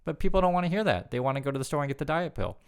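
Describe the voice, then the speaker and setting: A man's voice: a little high, very animated, racing, smooth. A man giving casual spoken commentary, chatty and often repeating words as he talks. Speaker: news commentary YouTuber.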